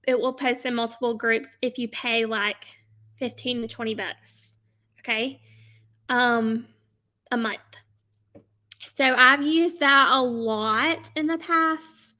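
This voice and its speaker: A woman's voice: on the high side, pushed and bright. A woman hosting a casual live stream from her home desk, chatty and upbeat, laughing often and tagging nearly every sentence with "okay?". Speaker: host coaching online sellers.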